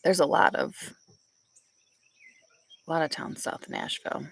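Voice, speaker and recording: Gravelly woman chatting on her porch. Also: deep voice, expressive, a little slow, pauses often. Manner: chatty, storytelling, laughs often. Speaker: vlogger. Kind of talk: casual chat with live viewers. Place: back porch outdoors.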